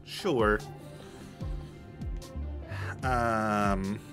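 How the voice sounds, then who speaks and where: A man's voice: lowish voice, steady tone, drawn-out words, music in the background. A man casually commenting on a game as he plays, chatty and self-mocking, with lots of fillers and laughs. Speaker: gamer playing and reading dialogue aloud. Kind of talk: casual let's-play commentary.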